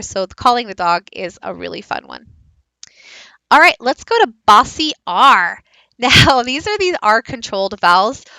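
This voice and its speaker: A woman giving a recorded teaching presentation, explaining slowly and modelling speech sounds aloud. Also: mid-range voice, sharp tone, no echo, rough recording. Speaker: teacher leading a book study.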